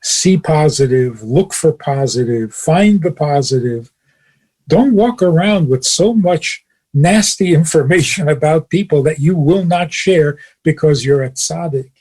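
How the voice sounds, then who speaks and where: A man with a fairly high, husky voice gives a radio teaching as a rabbi. He chuckles often as he talks and drives his points home with pointed rhetorical questions. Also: animated, unhurried, a little mellow. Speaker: rabbi and radio show host. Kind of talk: teaching talk on a radio show.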